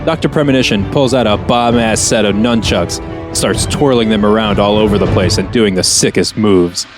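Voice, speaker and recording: With music playing behind him, a podcast co-host speaks at a moderate pace in a voice on the low side. He narrates a comedy script he wrote and chats casually, defending it with earnest laughter.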